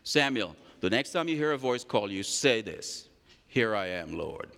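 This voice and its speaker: A man voicing a weary old priest who speaks low and hushed, in a hall with long reverb. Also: big pitch swings, a little slow, gravelly, exaggerated voice. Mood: sleepy, weary. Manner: tired, grumbling, low and hushed.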